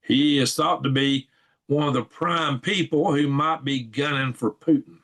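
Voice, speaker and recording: Hosting his channel from a home computer, this man speaks unhurriedly at a medium pitch with a somewhat bright quality. He reads news pieces off a shared screen and offers meandering remarks, laughing softly and musing aloud along the way.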